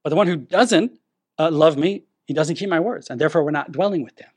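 A man's voice: a little high, fairly quick, husky. A man preaching a sermon, teaching verse by verse with emphatic stresses and frequent restarts. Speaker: pastor.

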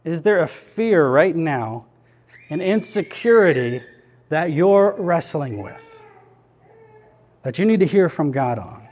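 A man's voice: a little high, big pitch swings, slow pace, pauses often, darkish tone. A man preaching a sermon as pastor to his church, in an earnest, conversational way with many questions to the listeners.

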